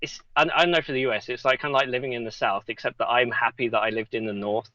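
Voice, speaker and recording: A man from England with a mixed English accent, chatting casually on a live Q&A, halting and restarting often. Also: medium pitch, steady tone, bright, forceful tone, no room sound, dull audio. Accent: mixed English, Essex and Yorkshire traces. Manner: halting, many restarts, reads chat questions. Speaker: guest.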